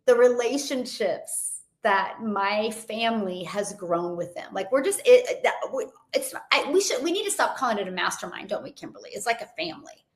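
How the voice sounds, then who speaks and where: Hoarse, upbeat woman coaching. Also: fairly high pitch, moderate pace, reverberant. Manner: energetic, motivational, chatty with frequent laughs. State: hoarse voice from a long event. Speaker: online business coach. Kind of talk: live-stream chat with viewers. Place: home.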